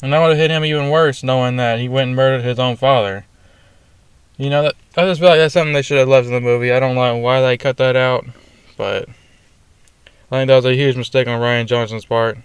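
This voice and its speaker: Young guy ranting about a movie, swears a lot, says like a lot, smooth clear voice. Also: medium pitch, fairly even intonation, brisk, dry recording. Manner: ranting, profane, frequent fillers. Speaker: film reviewer. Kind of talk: casual spoken movie review.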